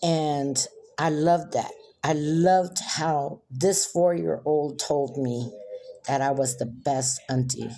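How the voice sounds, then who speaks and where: A woman telling a personal story in a soft, reflective way. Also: deep voice, slow pace.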